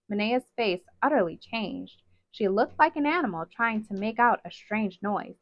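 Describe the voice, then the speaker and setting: Woman reading a storybook, steady dramatic narration, dull lo-fi sound, dry. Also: medium pitch, moderate pace, dry recording. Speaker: storybook reader. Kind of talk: reading a novel aloud.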